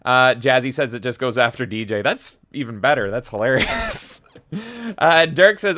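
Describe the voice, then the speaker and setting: A man's voice: mid-range voice, normal speed, pushed and bright, dry recording. A man hosting a livestream, energetically reading viewer comments aloud and reacting with casual profanity. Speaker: livestream host.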